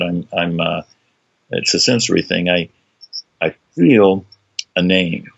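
A man speaking as an interview guest, talking haltingly with many fillers and restarts. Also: deep voice, gravelly, fairly bright tone, dull audio. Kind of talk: conversational interview.

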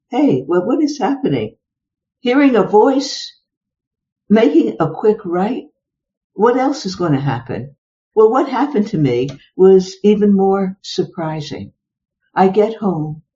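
An older woman, a psychologist, is interviewed and recounts personal stories with exclamations and rhetorical questions. Her voice is lowish and warm, on a dull lo-fi recording.

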